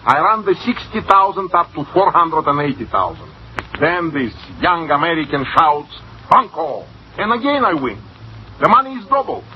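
An actor playing a sly embezzling cashier and bookkeeper in an old-time radio drama, with an oily, insinuating manner. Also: male voice, a little high, very animated, normal speed, slight background noise. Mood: wheedling. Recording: dull lo-fi old radio broadcast.

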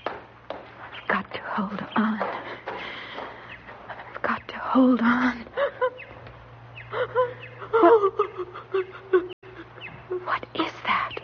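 A fragile young bride, high voice, slow, sarcastic, haunted, muffled old recording. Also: female voice, expressive. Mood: frightened. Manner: bitter sarcastic jabs, then frightened whispering. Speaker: newlywed wife. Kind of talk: dramatic dialogue acting. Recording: muffled vintage recording with faint hiss.

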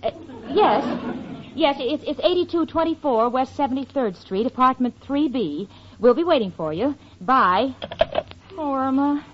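An actress playing a sensible young working woman in a 1940s radio comedy, brisk and patient. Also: high-pitched, expressive, a faint crowd, slight background noise. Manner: brisk, patient, slightly stammering. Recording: lo-fi old radio recording.

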